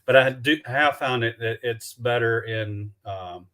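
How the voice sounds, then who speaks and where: A man from Alabama with a Southern accent, chatting loosely on a video call about his documentary work, halting with many restarts and fillers. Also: mid-range voice, bright, forceful tone. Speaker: documentary filmmaker guest. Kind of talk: casual live-stream chat.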